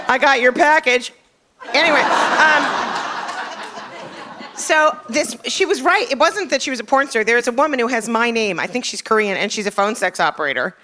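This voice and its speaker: A woman's voice: a little high, animated, brisk. A middle-aged woman doing a stand-up set in a comedy club, chatty and self-mocking, acting out bits of dialogue. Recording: live club, crowd laughter and noise.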